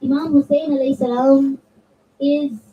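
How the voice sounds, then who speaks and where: A woman with a high voice and fairly even intonation speaks at a normal pace, giving a conversational religious talk as a zakira at a children's majlis, chatting with the kids and asking them questions. She's in a community center hall, recorded on a distant, dull mic with faint room ambience.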